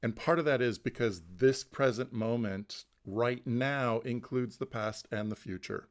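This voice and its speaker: Guy running an online mindfulness class, thinks out loud, trips over words, laughs a lot. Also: medium pitch, unhurried. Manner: thoughtful, repeats words when restarting, laughs easily. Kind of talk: casual teaching chat. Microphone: online video call.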